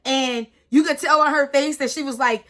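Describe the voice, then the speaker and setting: A woman's voice: sits high, fairly even intonation, moderate pace, pushed and bright. A young woman in her twenties telling a personal story in a casual vlog, emphatic and repeating herself with lots of "like". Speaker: storytime vlogger.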